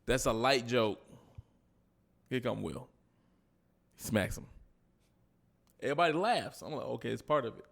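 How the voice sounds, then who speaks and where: A man co-hosts a loose podcast chat and tells a story with a lively, swooping delivery. His voice has a gravelly edge, and he acts out each quote as he goes. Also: mid-range voice, normal speed, long pauses. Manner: animated storytelling, acting out quotes. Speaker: podcast co-host. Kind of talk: casual chat.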